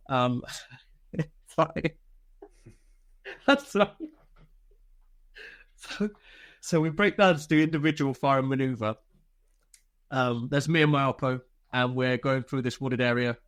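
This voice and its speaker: A man's voice: medium pitch, normal speed, pauses often, fairly bright tone. A man, an army veteran and podcast guest, telling casual stories with plenty of swearing and laughter. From United Kingdom. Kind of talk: casual storytelling.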